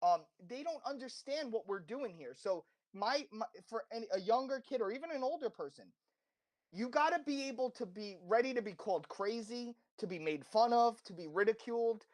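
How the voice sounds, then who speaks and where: A podcast guest with a slight accent speaks in an extremely high, expressive, slightly mellow voice at a normal pace. In this casual interview he gives impassioned, rambling advice, repeatedly restarting and correcting himself.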